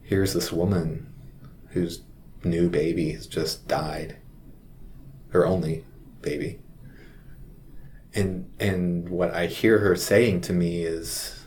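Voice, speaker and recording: A man with a very low, deep voice tells a personal story from his work as a hospital chaplain. He speaks reflectively and haltingly, often pausing. A faint room ambience sits behind him. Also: steady tone, a little mellow, a little hiss or hum.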